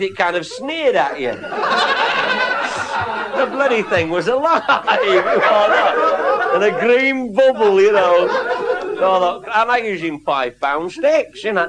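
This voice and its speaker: Earthy man with a lively voice. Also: high-pitched, very noisy. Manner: earthy and swearing, chuckling through his lines. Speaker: storyteller. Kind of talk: comic anecdote to a live audience. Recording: loud live audience laughter.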